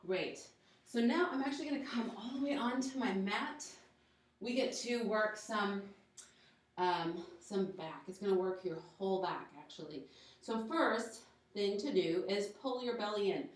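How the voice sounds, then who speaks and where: A woman guides a yoga workout, counting down reps and cheering students on with calm, step-by-step cues. Her voice sits in a very echoey room and is picked up from well away from the mic. Her pitch is mid-range for a woman. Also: a little slow, distant mic. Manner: encouraging, gives steady step-by-step cues and countdowns. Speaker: yoga instructor.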